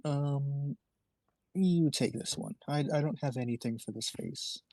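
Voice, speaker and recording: A man's voice: mid-range voice, a little slow, a little mellow, dry recording. A man chatting casually while playing a game, hesitant and searching for ideas for character voices. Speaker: game player.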